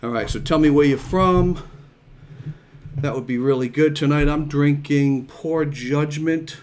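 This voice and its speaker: A man's voice: fairly high pitch, a little slow, darkish tone, a little hiss or hum. A man hosting his own live show from home, chatting casually and upbeat, a little out of breath, repeating himself as he goes. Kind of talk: casual live-stream chat.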